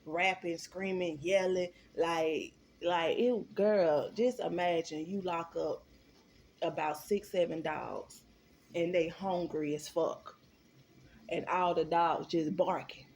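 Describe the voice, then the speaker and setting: Animated, swearing woman telling a story. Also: fairly low pitch, slow. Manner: animated, profane and emphatic. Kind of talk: storytime vlog.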